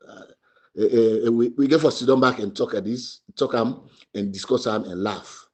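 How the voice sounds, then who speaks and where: A man with a husky Sierra Leonean Krio English accent argues political points with real fire. He keeps hammering the same phrases and often climbs into loud, high bursts of emphasis. His pitch stays middling for a man. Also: normal speed. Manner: emphatic, repetitive, rising to shouts. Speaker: party spokesman. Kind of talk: impassioned political commentary.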